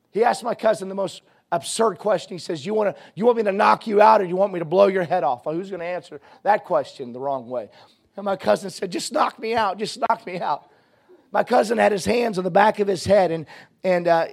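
Preacher, male, high gravelly voice, testimony sermon with halting starts and a fervent cadence. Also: a little mellow.

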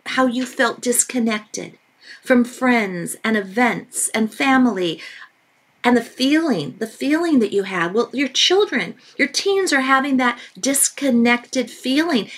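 Animated, high-voiced woman guest telling stories. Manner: animated storytelling with emphatic repetition. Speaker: parenting author and guest. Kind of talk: podcast interview.

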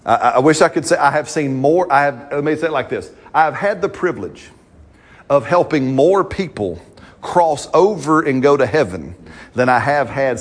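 A man, preaching a sermon as pastor, talking to the congregation in a conversational way and often checking in with "right?". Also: fairly high pitch.

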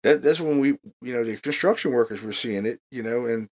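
A man's voice: medium pitch, a little fast, darkish tone. A man guest-hosting a podcast, telling a story in a casual, profane way and leaning on "you know". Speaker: guest host.

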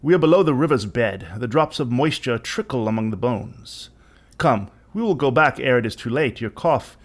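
Man voicing a scheming nobleman, falsely courteous, measured, lively pitch, dramatic reading. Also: lightly acted. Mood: solicitous. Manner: smooth, falsely solicitous, measured.

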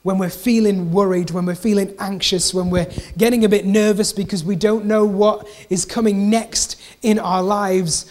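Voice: medium pitch, steady tone, moderate pace, few pauses, darkish tone. Preacher, conversational sermon delivery, repeats key lines, easy chatty asides. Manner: repeats key phrases for emphasis.

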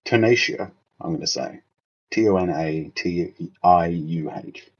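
Aussie guy on a podcast, real deep and husky, trips over words, kinda muffled. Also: level tone, a little mellow. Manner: halting, stumbles over names, self-mocking. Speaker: podcast co-host. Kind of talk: casual chat reading out army names.

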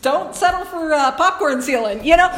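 In an echoey room, a woman with a high-pitched, animated voice gives a personal talk to a recovery meeting at normal speed. She's earnest and conversational, often laughing and speaking directly to the room.

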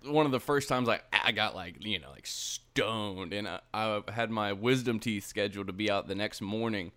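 A man hosting a podcast in casual chat, laughing along and quick to agree. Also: lowish voice, fairly bright tone. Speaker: podcast host.

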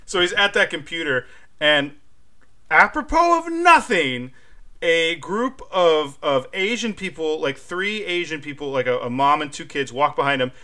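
A man's voice: fairly high pitch, expressive, unhurried, bright, forceful tone. A man co-hosting a podcast, chatting casually and animatedly, with lots of filler likes and laughter. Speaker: podcast co-host. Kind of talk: casual chat.

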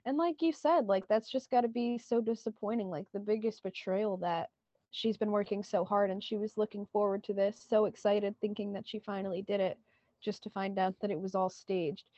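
A woman's voice: medium pitch, steady tone, moderate pace, mellow, no room sound, muffled recording. A woman co-hosting a podcast, retelling a TV scene in casual chat and quoting lines with lots of "like". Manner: retells scenes with many "like" quotes. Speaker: podcast co-host.

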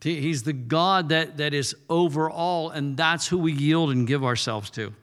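A man's voice: a little high, moderate pace, a bit bright. A male pastor preaching a sermon in a loose, conversational way, often repeating words as he goes. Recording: reverberant hall.

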